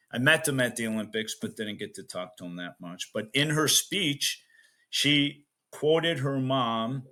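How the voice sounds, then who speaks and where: A man who coaches weightlifting, telling animated stories in a casual interview and laughing often between emphatic asides. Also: mid-range voice. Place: Chicago, USA.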